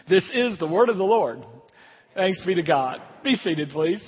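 A man's voice: high-pitched, measured pace, breathy edge. A man preaching a sermon in a church, reading scripture and then explaining it in a conversational way. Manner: conversational preaching, lively rises and drops. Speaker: pastor. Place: church sanctuary. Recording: long hall reverb, dull lo-fi sound.

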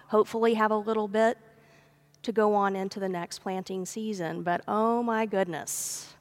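A woman preaches a sermon, her voice a touch high. She tells the story in a chatty, folksy way and speaks straight to her congregation. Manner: storytelling, acts out the characters' pleas with a raised voice; conversational, folksy asides. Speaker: pastor. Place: church sanctuary.

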